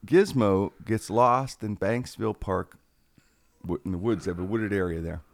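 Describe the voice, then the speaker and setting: Gravelly man telling stories. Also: fairly low pitch, moderate pace, no echo. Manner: animated, acts out quotes in a raised voice. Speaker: radio personality. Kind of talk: casual podcast storytelling.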